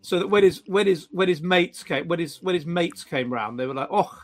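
A man co-hosting a casual chat, animated and mocking, with frequent stammering restarts. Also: high-pitched, moderate pace. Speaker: podcast co-host.

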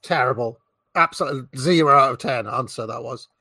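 A man's voice: mid-range voice, moderate pace, pushed and bright, husky, dry recording, clean studio sound. A man giving a blunt, mocking rant as he reacts to a political interview. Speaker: political commentator reacting to a clip. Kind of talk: ranting reaction commentary.

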